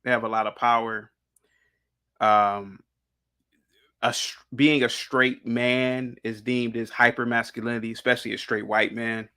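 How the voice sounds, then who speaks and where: Bright-voiced man holding forth emphatically. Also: mid-range voice, level tone, a little slow, smooth. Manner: emphatic, rambling, many restarts and repeated words. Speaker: panel guest. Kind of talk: casual opinionated discussion.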